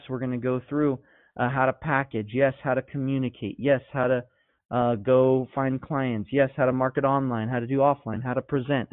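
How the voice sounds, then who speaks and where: A business coach with a slightly high voice gives his clients an emphatic, conversational motivational talk packed with rhetorical questions. The recording has no echo but a tinny, phone-like sound.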